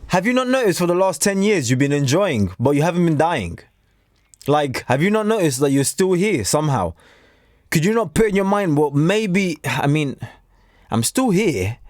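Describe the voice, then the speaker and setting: A blunt, preachy male coach who talks straight to camera in a lively, swooping voice. His pitch sits a little high for a man. The sound is close and dry, with no room echo. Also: normal speed. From Africa. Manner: blunt, preachy, animated, acts out quoted voices. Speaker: self-improvement coach. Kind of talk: unedited motivational talk to camera.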